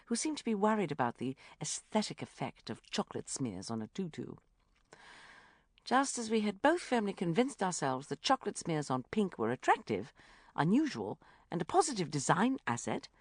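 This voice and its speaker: A woman's voice: sits low, huge pitch swings, moderate pace, slightly rough, no echo, studio quality. A woman narrating a comic novel in the first person with a wry storytelling manner. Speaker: audiobook narrator.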